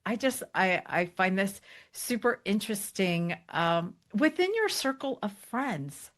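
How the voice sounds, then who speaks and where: Woman podcast interviewer, curious and encouraging, casual tone, middle pitch. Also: very animated, fairly bright tone. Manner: curious, encouraging, quick affirmations.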